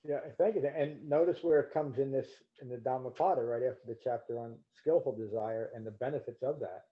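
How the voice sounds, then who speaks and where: A man teaching a Buddhist meditation class and reciting scripture, relaxed and joking, a little halting. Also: medium pitch. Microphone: livestream mic. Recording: slightly dull lo-fi stream audio.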